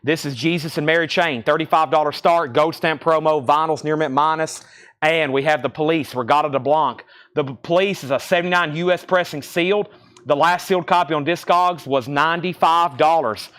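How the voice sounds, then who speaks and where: A man's voice: a little high, fairly quick, a bit bright. A man with a Southern US accent hosting a live record sale, rattling off titles, conditions and prices. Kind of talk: live-stream auctioneering. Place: record shop.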